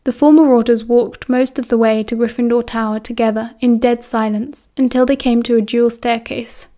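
A woman's voice: on the high side, steady tone, moderate pace, mellow. A woman narrating an audiobook, reading steadily and evenly. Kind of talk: reading fan fiction aloud.

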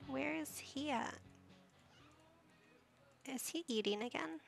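A woman's voice: high-pitched, a little slow, creaky, long pauses, fairly bright tone, faint music behind. A woman giving casual commentary while playing a life-simulation game, chatting to the characters and reading options aloud. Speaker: gaming YouTuber.

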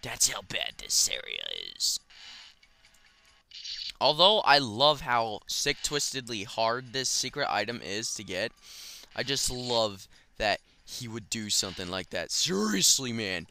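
Excitable, cursing young male gamer. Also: medium pitch, measured pace, gravelly, slight background noise. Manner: profane, excitable, shouts in frustration. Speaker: gaming commentator. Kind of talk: casual let's play commentary.

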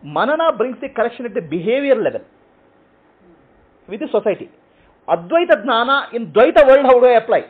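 A man's voice: very high voice, very animated, brisk, pauses often, slightly rough. A man teaching and answering questions, explaining in short repeated phrases and checking in with "okay?". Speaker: spiritual teacher. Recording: tinny phone-like audio.

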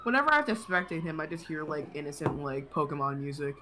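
Young man with lively, crude banter. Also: on the high side, fast talker, noisy background. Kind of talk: casual chat.

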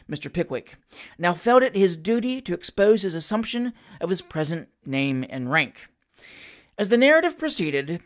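With a mid-range voice, this audiobook narrator brings a classic comic novel to life through a dramatic, expressive reading.

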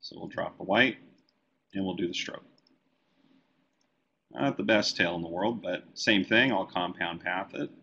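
Man, comic letterer and teacher, relaxed software webinar, very deep voice, muffled audio. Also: unhurried, vocal fry, long pauses, breathy edge. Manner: relaxed, talks while working on screen. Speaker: comic book letterer and design educator. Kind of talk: live software tutorial webinar.

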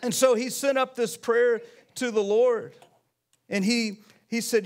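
A pastor preaching a sermon in a church, in a conversational way with many restarts and asides. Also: male voice, sits high, steady tone, unhurried.

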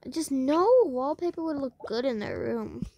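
A woman's voice: high voice, animated, moderate pace, creaky, noisy background. A young woman giving casual, rambling commentary while playing a game, talking to the game and her viewers. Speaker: gameplay vlogger.

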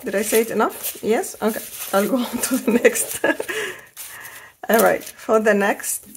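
Middle-aged woman host, unhurried, gravelly, effusive craft haul, faint background hiss. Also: fairly high pitch, very animated. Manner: gushing, enthusiastic, repeats praise words. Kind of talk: casual product haul show-and-tell.

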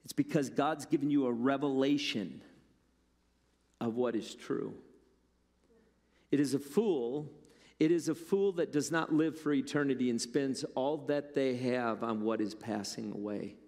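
A man's voice: medium pitch, a little slow, darkish tone. A male pastor preaching a sermon in a conversational, storytelling way. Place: church. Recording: long church-hall reverb.

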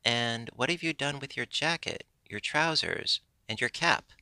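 A man voicing a kindly, generous old man in a storybook reading, speaking gently and fatherly. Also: mid-range voice, measured pace, clean tone, dry recording, voice pushed up. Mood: questioning.

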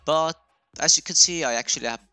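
A man's voice: fairly high pitch, brisk, sharp tone, clean tone, no echo. A young man chatting casually as a gaming YouTuber, jokey and laughing often, over faint music. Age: young adult. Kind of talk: casual game commentary.

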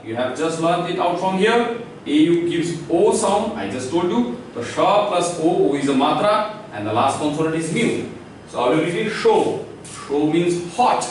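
A man with an Indian English accent gives an online language lesson, drilling sounds and putting questions to his viewers. His voice sits a little high and rings in a very echoey room, picked up from some distance. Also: animated, moderate pace, a little hiss or hum. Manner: instructive, repeats sounds and quizzes viewers. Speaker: language teacher.

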